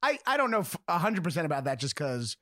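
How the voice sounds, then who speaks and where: A man's voice: a little high, sing-song, quick pace, sharp tone, dry recording, clean studio sound. Man telling stories with frequent laughs. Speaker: podcast co-host. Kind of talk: casual chat.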